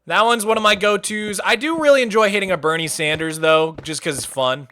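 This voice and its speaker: Upbeat, bright-voiced male streamer. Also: sits high, lively intonation, moderate pace. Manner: chatty, enthusiastic, rambling. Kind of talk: casual livestream chat.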